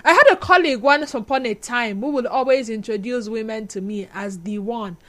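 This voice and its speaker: A Nigerian woman hosting a radio talk show from a studio, talking in a chatty, expressive way and acting out little scenes as she speaks. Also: a little high, brisk. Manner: chatty and expressive, acts out scenes and laughs at herself. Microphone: studio microphone.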